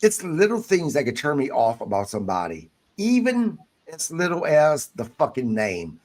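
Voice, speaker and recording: A man hosting a wrestling podcast, talking in a blunt, animated way and swearing freely in casual chat. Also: a little high, moderate pace. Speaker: podcast host.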